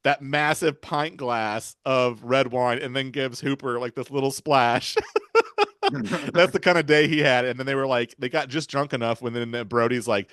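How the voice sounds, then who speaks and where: Male podcast host, mid-pitched voice, dry close sound, rambling chatty retelling, chuckles. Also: normal speed, fairly bright tone, clean tone, no echo. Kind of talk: casual film discussion.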